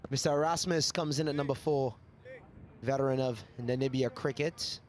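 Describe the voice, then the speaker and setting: A man's voice: medium pitch, moderate pace, a little hiss or hum. Chatty male cricket commentator. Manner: chatty, excitable on big shots. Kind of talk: live sports commentary.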